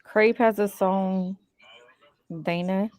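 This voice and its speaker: A woman's voice: medium pitch, fairly even intonation, takes it slowly, a little mellow. A woman co-host in a casual livestream chat, chiming in with brief, laid-back remarks.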